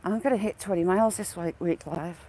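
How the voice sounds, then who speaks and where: A woman's voice: lowish voice, a little fast, warm tone. Chatty English woman on a countryside walk. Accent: English, mixed regional. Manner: chatty, greets viewers by name. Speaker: livestream host. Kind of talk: casual walk-and-talk livestream. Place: outdoors on a cold countryside walk.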